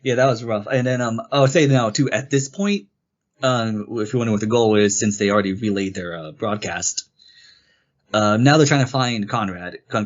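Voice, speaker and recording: On a muffled recording, a man with a lowish voice co-hosts a laid-back game review podcast. He rambles through the story in an animated way, acting out the characters' quoted lines as he goes.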